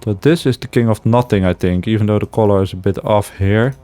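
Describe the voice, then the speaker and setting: A man's voice: fairly low pitch, brisk, warm tone, dry recording, soft background music. A man giving casual let's-play commentary, thinking aloud with hesitations and frequent chuckles. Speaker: game streamer.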